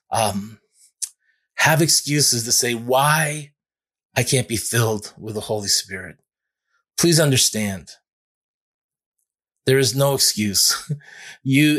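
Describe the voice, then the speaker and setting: A male pastor preaching in an earnest, conversational way as he tells a personal story. His voice sits in a middle pitch, and he often restarts his phrases as he goes. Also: a bit bright. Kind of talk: sermon storytelling.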